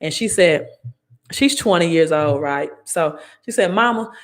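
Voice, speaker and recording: Woman in her forties, Southern Mississippi accent, somewhat low voice, emphatic live-stream money talk, repeats key phrases. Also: lively intonation, a little slow. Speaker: credit and finance coach. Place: home, live video.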